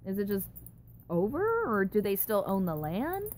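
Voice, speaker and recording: A woman's voice: medium pitch, huge pitch swings, unhurried, darkish tone, a little hiss or hum. Giggly young woman chatting on a live stream. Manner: chatty and giggly, reacting with exaggerated disgust. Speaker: live streamer reading chat. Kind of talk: casual live-stream chat. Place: home in a dry desert city.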